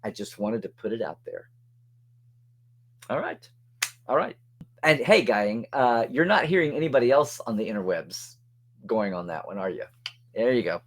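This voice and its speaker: A man's voice: medium pitch, sing-song, normal speed, pauses often, slight background noise. A man hosting a casual weekly web show, chatty and upbeat, with plugs and thank-yous to supporters. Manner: chatty, upbeat, reads out supporter shout-outs. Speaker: show host.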